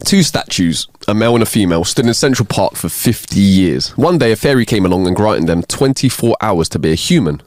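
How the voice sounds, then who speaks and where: A low-pitched man with a very lively, swooping delivery, reading jokes on a casual comedy podcast. He jumps into playful character voices for each line of dialogue. The sound is dry and close, with no room behind him. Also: fairly quick, few pauses, dry recording. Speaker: podcast co-host.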